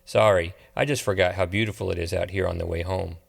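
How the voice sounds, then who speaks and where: Give me a man playing a sincere, soft-spoken young man with a low, gravelly voice. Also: fairly even intonation, quick pace, exaggerated voice. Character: sincere, quiet young small-town man.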